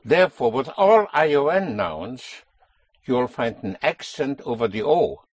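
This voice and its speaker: A man's voice: mid-range voice, big pitch swings, measured pace, breathy edge. A man teaching a language lesson, explaining a stress rule patiently and stressing key words.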